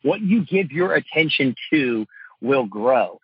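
A man's voice: mid-range voice, big pitch swings, takes it slowly, husky, dry recording, highs cut off. A middle-aged man, a father and coach, talking earnestly in a casual interview, with lots of fillers. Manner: earnest, heartfelt, many fillers like "you know" and "man".

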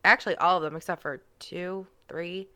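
A woman's voice: on the low side, steady tone, moderate pace, bright, forceful tone, smooth. A woman co-hosting a casual wrestling podcast, teasing and sarcastic toward her co-host.

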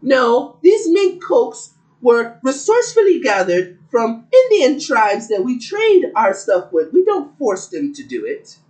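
A prim, mock-polite British royal spokesperson in a high, fussy voice, as a man puts it on mid-chat. The voice swoops up and down with lots of lift. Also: wildly swooping pitch, a little slow, a little mellow, full character voice.

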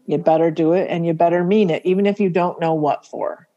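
A middle-aged woman co-hosting a faith podcast, chatting casually, laughing often and slowing down to stress words. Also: lowish voice, fairly even intonation, warm tone, highs cut off. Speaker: podcast co-host.

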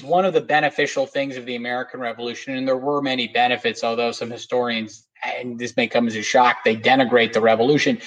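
Male podcast guest, slightly high voice, rambling, filler-heavy delivery. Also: poor audio. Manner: rambling, many fillers and restarts. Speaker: guest historian. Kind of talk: casual podcast interview.

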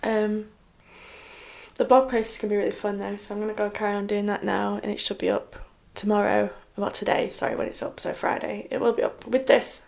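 Soft-spoken tearful young woman, echoey room. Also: medium pitch, level tone, vocal fry. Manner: halting, many restarts and soft trailing phrases. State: tearful, upset. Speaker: vlogger. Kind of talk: personal confessional vlog.

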